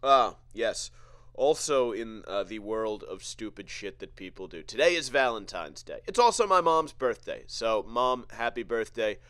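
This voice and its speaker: A man hosting a podcast, delivering a profane, sarcastic comedic rant full of halting restarts. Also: lowish voice, lively intonation, fairly bright tone, no room sound. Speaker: podcast host.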